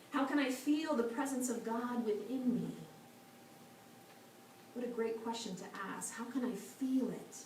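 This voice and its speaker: A woman minister giving a storytelling sermon in a church, soft and slow at times. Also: a little high. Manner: soft, slow and meditative at moments. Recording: echoey hall from a far mic, faint noise.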